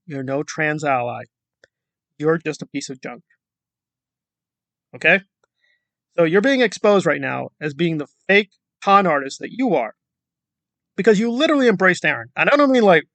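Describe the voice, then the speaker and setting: A man's voice: on the high side, big pitch swings, normal speed, creaky, long pauses, a bit bright, no room sound. A man delivering a combative, sarcastic commentary rant full of rhetorical questions. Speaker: commentary YouTuber. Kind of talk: ranting commentary vlog.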